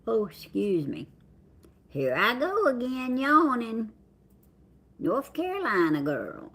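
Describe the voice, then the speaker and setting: Middle-aged woman, Southern American accent, livestream host, casual drawling chat, husky, slow. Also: fairly high pitch, wildly swooping pitch, a bit bright. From Southern United States. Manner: drawling, chatty, reads out viewer names. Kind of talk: casual live chat greeting viewers.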